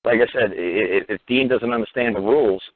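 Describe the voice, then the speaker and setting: A man's voice: fairly low pitch, a little fast, no room sound. A man telling a courtroom story in a casual, profane, emphatic monologue, sometimes raising his voice to mimic others. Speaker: radio talk host. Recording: tinny phone-line audio.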